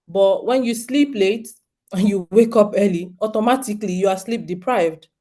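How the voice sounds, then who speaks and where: Addressing homeschooling parents, this Nigerian speaker in her thirties is earnest and direct and regularly puts questions to the crowd. She speaks at a normal speed in a mellow, mid-range voice.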